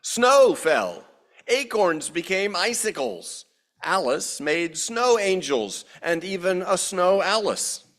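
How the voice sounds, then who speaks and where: Expressive, unhurried male minister. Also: high voice. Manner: gentle, expressive storytelling. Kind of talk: storybook reading and ceremony in church.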